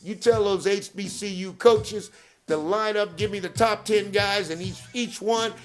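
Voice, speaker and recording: A man hosting a podcast who pitches hard, repeats catchphrases, keeps asking "okay?" and shouts out people by name. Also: a little slow, faint music behind. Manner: hype-driven, repeats catchphrases, peppers with "okay?". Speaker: podcast host. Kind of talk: promotional monologue.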